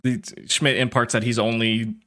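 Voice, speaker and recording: A man narrating a tabletop role-playing game as game master in a relaxed, descriptive way. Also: mid-range voice, normal speed.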